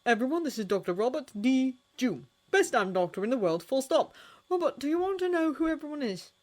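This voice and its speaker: A woman voicing a calm, brisk male army doctor who speaks lightly. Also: high-pitched, pitched above the performer's own voice.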